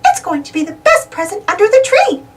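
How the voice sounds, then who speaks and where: A woman voicing a sweet, cheerful female cartoon mouse who squeaks, a little away from the mic. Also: sing-song, fairly quick, far from the mic. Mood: excited. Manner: squeaky, bright.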